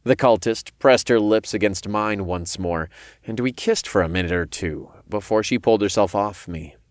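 A man reading a first-person story aloud in a calm, measured way. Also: lowish voice, dry recording, studio quality. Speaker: narrator.

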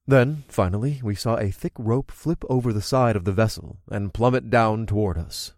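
Male narrator, first-person fantasy audiobook, expressive, conversational, dry close recording. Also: on the low side, moderate pace, dry recording.

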